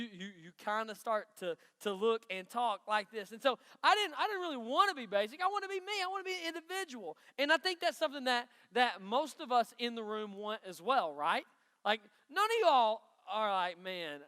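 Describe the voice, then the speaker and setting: A man with an East Tennessee country accent preaches to a youth crowd in a chatty, folksy way and keeps asking them questions. His voice sits very high, sharp and bright. It rings through a big hall with a long reverb tail. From Knoxville, Tennessee. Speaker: youth pastor. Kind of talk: youth sermon.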